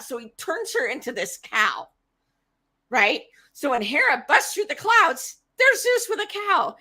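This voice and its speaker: Animated woman retelling myths. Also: high voice, normal speed. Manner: animated, chatty retelling with fillers. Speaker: podcast host. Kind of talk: casual myth storytelling.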